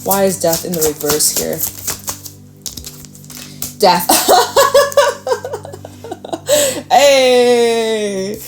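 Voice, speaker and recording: A woman giving a casual, chatty tarot reading, animated and talkative, now and then jumping into a high acting voice. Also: slow, creaky, pauses often, faint music behind. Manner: chatty, animated, slips into squealy acted quotes. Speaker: tarot reader.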